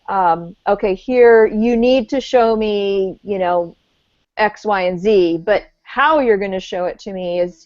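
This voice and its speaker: A woman with a mid-pitched voice talks earnestly and rambles through her points with fillers and restarts. The recording is dry and close, with the dull, narrow sound of a video call. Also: darkish tone, dry recording. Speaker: elementary teacher and discussion host. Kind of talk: casual video call discussion.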